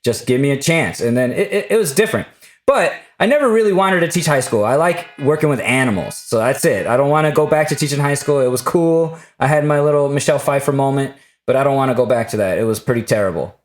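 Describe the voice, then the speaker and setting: A man's voice: medium pitch, fast. A man hosting a podcast in casual chat, talking bluntly and swearing freely. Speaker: podcast host.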